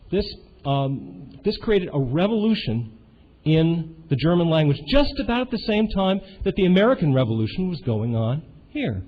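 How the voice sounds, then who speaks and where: A man speaking informally to a seminar group, halting often, restarting his sentences and filling gaps with fillers. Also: fairly high pitch. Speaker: seminar participant. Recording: muffled with faint hiss.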